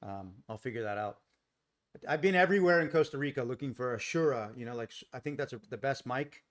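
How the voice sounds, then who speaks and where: Man, live trading stream host, relaxed, conversational, reading chat, mid pitch, home desk mic. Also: a little fast. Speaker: day trading livestream host. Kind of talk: casual live-stream commentary. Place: home in Costa Rica. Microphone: desk mic without boom arm.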